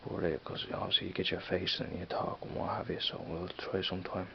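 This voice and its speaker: Dublin guy rambling on cam, deep flat voice, lots of uhs. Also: brisk, creaky. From Ireland. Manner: hesitant, rambling, many fillers and restarts. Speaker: vlogger. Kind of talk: casual rambling vlog. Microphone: camera mic. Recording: dull lo-fi camera audio with faint hiss.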